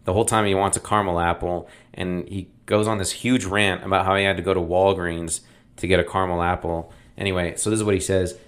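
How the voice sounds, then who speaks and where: A man's voice: deep voice, level tone, fast. A man hosting a casual movie review, talking in a rambling, opinionated way with lots of fillers. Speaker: podcast host reviewing films.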